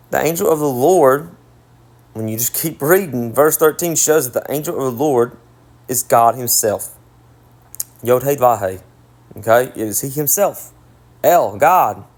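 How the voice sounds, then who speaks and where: A man with a Southern US accent preaches a Bible study. He reads scripture aloud, then explains it emphatically, repeating key points and correcting himself as he goes. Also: fairly high pitch. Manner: emphatic, repetitive, self-correcting. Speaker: Bible teacher.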